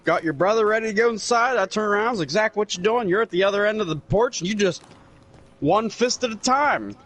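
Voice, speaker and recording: A young man chatting over a video game, telling rambling, profane childhood anecdotes with lively quoted voices. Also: high-pitched, fast. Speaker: gamer telling stories. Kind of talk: casual chat over gameplay.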